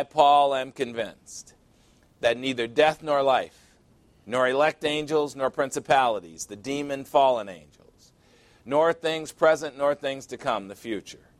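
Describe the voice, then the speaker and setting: A male pastor preaching a sermon, emphatic and deliberate, repeating phrases for effect. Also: mid-range voice, dry recording.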